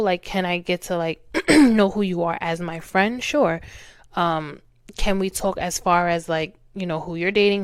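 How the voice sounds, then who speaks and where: A woman's voice: lowish voice, smooth, no echo. A young woman hosting a casual talk show, speaking candidly and chattily and laughing at herself. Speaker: podcast host. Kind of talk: casual chat.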